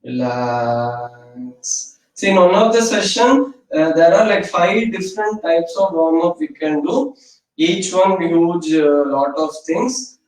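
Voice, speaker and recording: A man guiding a yoga class in calm, gentle, step-by-step instructions. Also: high voice, a little slow. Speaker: yoga teacher. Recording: echoey room from far off.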